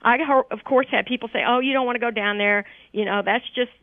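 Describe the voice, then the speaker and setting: A woman's voice: on the high side, fairly even intonation, brisk, no echo. Grateful woman caller on a tinny phone line. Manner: heartfelt, grateful, tearful. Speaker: radio show caller. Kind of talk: emotional phone testimonial. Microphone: telephone.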